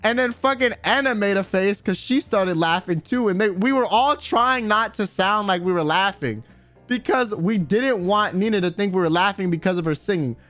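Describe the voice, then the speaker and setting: High-voiced young man telling stories. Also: normal speed, faint music behind. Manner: animated, laughing, swears a lot, says bro. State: sore throat. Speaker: streamer. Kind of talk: casual storytelling chat.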